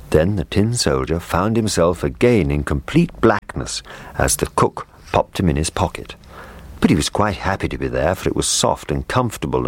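A man reading a children's story aloud in a gentle, expressive way. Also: rumbling low.

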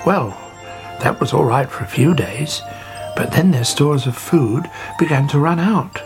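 A woman narrating a children's storybook in an expressive, gently paced way. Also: sits low, unhurried. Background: music.

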